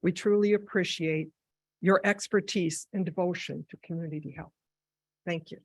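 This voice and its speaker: A woman's voice: lowish voice, fairly even intonation, moderate pace, breathy edge, no room sound. A woman giving a short, firm, earnest public comment at a meeting.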